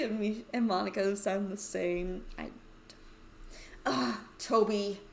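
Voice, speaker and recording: A woman's voice: mid-range voice, slow, gravelly, pauses often, reverberant, a little hiss or hum. A woman playing and reading a story game aloud, with playful, chatty asides. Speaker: let's play host.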